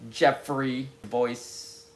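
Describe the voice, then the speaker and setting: A man's voice: mid-range voice, fairly even intonation, drawn-out words. A man rambling candidly to himself in a casual, self-deprecating monologue.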